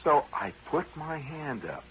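A man's voice: fairly high pitch, sing-song, unhurried, a little hiss or hum, low-quality recording. A man hosting a radio show, telling a rambling personal story in a conversational, wry way with frequent asides to his listeners.

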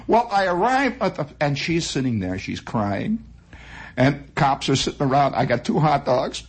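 A man hosting a radio show, telling a long personal story in a dramatic, animated monologue. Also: normal speed, husky. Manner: animated, dramatic, swooping into high voices. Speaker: radio host.

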